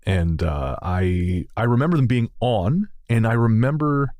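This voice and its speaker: A man's voice: mid-range voice, expressive, measured pace, a little mellow, no room sound. A Canadian man co-hosting a podcast, chatting casually, rambling with restarts and laughing often. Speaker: podcast co-host. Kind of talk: casual chat.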